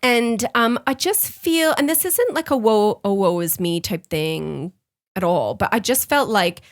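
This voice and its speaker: A woman in her thirties, co-hosting a podcast in a casual chat, supportive and quick with short agreements. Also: medium pitch, expressive. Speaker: podcast co-host.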